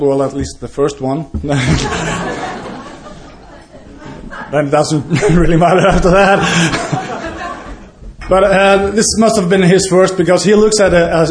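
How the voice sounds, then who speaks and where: A man's voice: on the high side, noisy background. A man hosting a meeting and telling a joke, often chuckling as he goes. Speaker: meeting host.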